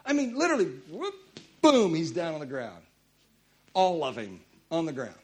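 A man preaching a sermon in a church, his voice pitched high and swinging widely up and down. He tells stories with animated energy, jumping to loud emphasis on key lines. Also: normal speed, crowd noise. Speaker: pastor.

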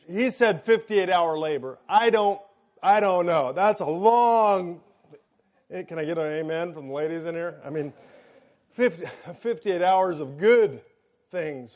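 A man preaching to a congregation, telling a personal story in an animated way and often turning to the audience with questions. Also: high voice, muffled recording. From United States.

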